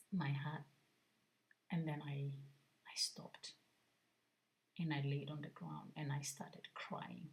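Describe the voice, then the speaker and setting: Woman vlogging, low voice, soft and half whispery, earnest, reflective. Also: poor audio. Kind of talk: personal spiritual testimony.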